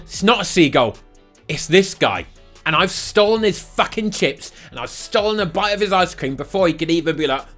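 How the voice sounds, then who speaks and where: A young man riffing through a crude comedy rant. His pitch swings widely, from loud bursts down to mutters. Faint music plays behind him. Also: brisk. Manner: animated, crude, jokey. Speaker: YouTube host. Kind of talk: comedic monologue.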